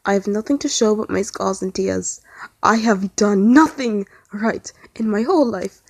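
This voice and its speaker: A woman voicing a young man who speaks quietly and calmly, flat and resigned. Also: medium pitch, moderate pace, dry recording, clean studio sound, natural voice. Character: calm, hopeless young man.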